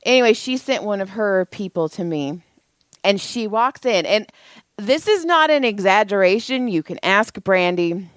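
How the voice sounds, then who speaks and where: A woman co-hosting a podcast, telling a story in casual chat, animated and swearing, acting out quotes. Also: mid-range voice, moderate pace, smooth, no room sound. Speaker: podcast co-host.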